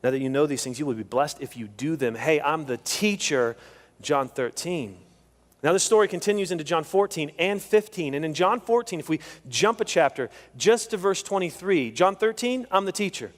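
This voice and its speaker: A man's voice: on the high side, fairly quick, long reverb tail. A male pastor preaching a sermon, emphatic and repeating his key phrases. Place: church sanctuary.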